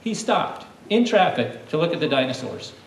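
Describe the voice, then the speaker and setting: A man leading a lively lesson for a room of children, coaxing them to call out answers like a coach. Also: a little high, moderate pace, creaky. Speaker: children's teacher. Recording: echoey room, distant mic, faint hum.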